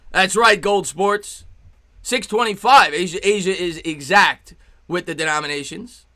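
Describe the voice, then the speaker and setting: A young man calls baseball play-by-play for his live stream, with a high, bright, ringing voice. He is excitable and chatty, breaking off between pitches to greet viewers and read their messages. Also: unhurried.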